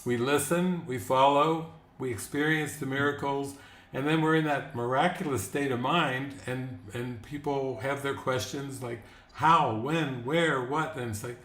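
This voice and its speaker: A man of middle pitch talks about faith in an earnest, unhurried way, sometimes repeating a word as he goes. The room around him is roomy and echoing. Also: a bit bright. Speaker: spiritual teacher hosting a live talk. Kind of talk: casual spiritual conversation. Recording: echoey room.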